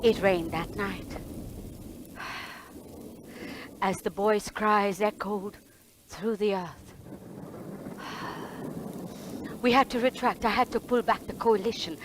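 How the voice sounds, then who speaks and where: A woman's voice: medium pitch, moderate pace, noisy background, lightly acted. A woman playing a bumbling, blustering hunter, speaking Indian English in a fussy, rambling, repetitive way. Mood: grim. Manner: fussy, rambling, repeats herself. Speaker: solo stage performer. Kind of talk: one-woman stage play.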